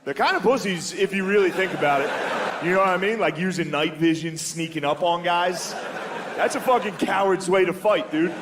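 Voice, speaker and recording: A man's voice: high-pitched, moderate pace, background noise. Crude, laid-back male stand-up comic. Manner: laid-back, crude, mocking, acts out characters in bits. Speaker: stand-up comedian. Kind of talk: stand-up comedy.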